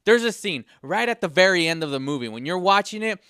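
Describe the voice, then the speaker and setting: A man's voice: high-pitched, lively intonation, fast talker, pushed and bright, smooth, no room sound, clean studio sound. A man hosting a podcast segment, delivering an exasperated comedic rant with frequent stumbling restarts. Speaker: podcast host.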